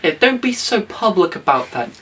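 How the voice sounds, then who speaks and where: A man's voice: high-pitched, big pitch swings, moderate pace, pushed and bright, husky. A young man co-hosting a casual film review, mostly agreeing with short replies and a bit sweary. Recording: voice from a distance.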